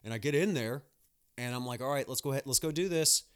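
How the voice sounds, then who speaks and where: A man's voice: medium pitch, fast, clear, resonant tone. A young man, a nurse hosting a podcast, talking in a blunt, profane, ranting monologue with mocking asides. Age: young adult.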